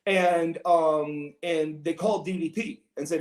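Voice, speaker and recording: A man's voice: on the high side, steady tone, measured pace. A man guesting on a podcast, telling long meandering stories and often repeating his words. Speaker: podcast guest, former pro wrestler. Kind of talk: rambling storytelling. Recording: roomy echo.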